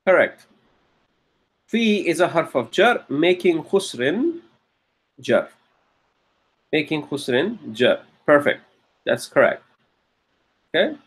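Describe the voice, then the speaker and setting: A man lecturing on grammar with a slightly husky, fairly high voice. He teaches patiently, often asks "okay?" and slows down to stress key terms. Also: big pitch swings. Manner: patient, checks in with frequent "okay?" and "correct". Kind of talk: classroom lecture.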